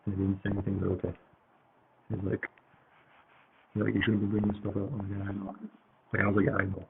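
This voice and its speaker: A man's voice: lowish voice, completely flat delivery, quick pace, creaky. A man telling a story in a casual, rambling way, with lots of fillers and swearing. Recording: tinny phone-like audio with faint hiss.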